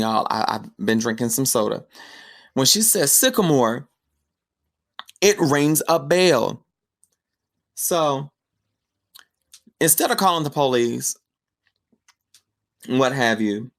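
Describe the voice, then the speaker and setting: A podcast host giving a casual, chatty film review recap, telling the story with slangy asides. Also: medium pitch.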